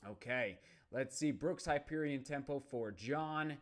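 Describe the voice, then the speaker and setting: A man's voice: medium pitch, measured pace. A man hosting a live stream about running shoes, reading viewer comments aloud in an upbeat, chatty way. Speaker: running channel host.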